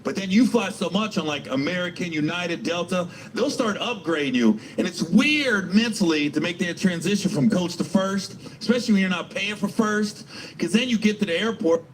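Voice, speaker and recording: A man's voice: sits high, lively intonation, moderate pace, slight background noise, poor audio. A middle-aged male stand-up comedian telling profane, rambling stories full of restarts.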